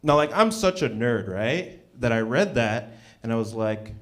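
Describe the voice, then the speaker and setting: A young man doing a stand-up set at an open mic, with a loose, halting delivery full of ums. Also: mid-range voice, animated, a bit bright. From Canada. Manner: laid-back, halting delivery with many ums. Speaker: stand-up comedian. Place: small comedy venue with a live audience.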